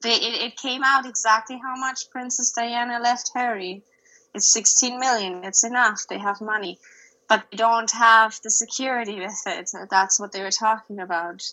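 A woman's voice: on the high side, fairly even intonation, normal speed, sharp tone, low-quality recording. A woman in her thirties, co-hosting a podcast in casual chat, earnest and hedging, with many "I mean" and "like" fillers. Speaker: podcast co-host.

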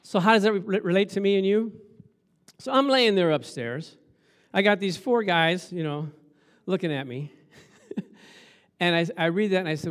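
A man with a high, light voice preaches a lively sermon. He acts out scenes as he goes, rising and dropping his voice and breaking into laughs. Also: moderate pace, long pauses. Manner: animated, acts out Bible scenes, laughs often. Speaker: pastor.

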